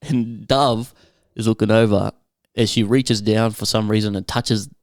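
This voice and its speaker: A young man with an Australian accent, talking in a relaxed, profane, storytelling way. The recording is dry and close, with almost no room sound. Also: on the low side, unhurried, no room sound. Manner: laid-back, profane storyteller who laughs often. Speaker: podcast panelist. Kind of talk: casual chat.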